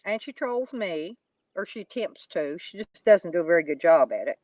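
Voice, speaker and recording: A woman's voice: fairly low pitch, lively intonation, moderate pace, a little mellow, no room sound, dull audio. A woman, chatting casually to live viewers in a rambling, folksy, mocking way. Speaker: YouTube live streamer.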